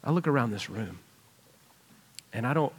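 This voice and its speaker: A man's voice: medium pitch, animated, moderate pace, slightly rough. A man preaching a sermon in a church, conversational and earnest as he retells a personal story. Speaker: pastor. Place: church sanctuary.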